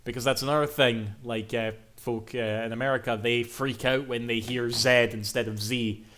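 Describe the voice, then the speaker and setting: A man's voice: medium pitch, steady tone, normal speed, a bit bright. A young man chatting casually while streaming a game, rambling, swearing and laughing often. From Scotland. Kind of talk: casual live-stream chat.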